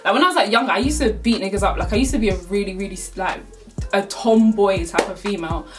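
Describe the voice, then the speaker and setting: A woman's voice: medium pitch, fast talker, over music. A young woman telling a casual storytime, full of slang and swearing, with laughs through the telling. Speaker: vlogger.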